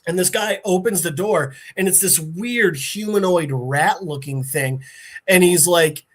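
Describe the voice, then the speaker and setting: A man hosting a podcast, recapping a story in a casual, animated and profane way. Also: high voice, unhurried. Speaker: podcast host.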